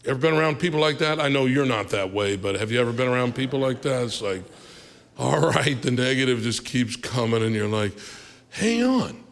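A man preaching a sermon as pastor, in a conversational, animated way with asides and quick laughs. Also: mid-range voice, vocal fry. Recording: reverberant hall.

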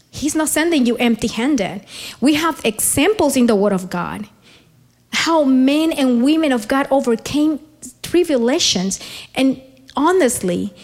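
Earnest woman preaching a sermon. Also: fairly high pitch. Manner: earnest, repetitive preaching with rising emphasis.

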